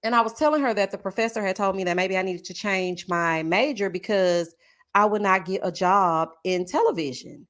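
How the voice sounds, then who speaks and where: A woman with a Texas Southern twang, chatting casually with her viewers in a sing-song, drawn-out way. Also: mid-range voice, a bit bright. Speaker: YouTube reality-show reviewer. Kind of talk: casual chat reading viewer comments.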